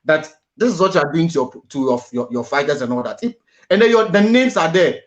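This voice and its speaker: A man's voice: fairly high pitch, expressive, brisk, dull audio. A man hosting a boxing panel show, talking earnestly and often restarting his words.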